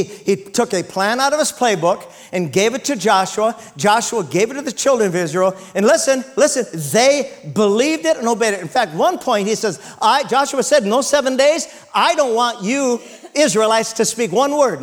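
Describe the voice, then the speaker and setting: A man, a pastor, delivers an animated sermon at normal speed in an extremely high-pitched voice. He retells scripture, shouts, and calls out for amens from his congregation.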